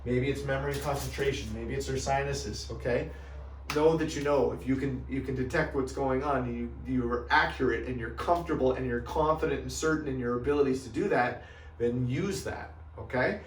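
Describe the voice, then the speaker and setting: A man's voice: medium pitch, brisk, reverberant, recorded from a distance, slight background noise. A man coaching health practitioners on what to say to patients. He talks emphatically and keeps checking in with "right?" and "okay?". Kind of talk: coaching talk.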